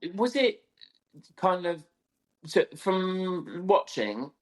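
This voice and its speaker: A man's voice: sits high, big pitch swings, slow pace. A man co-hosting a podcast, enthusiastic and gushing as he chats. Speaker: podcast co-host, event rider. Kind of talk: casual chat.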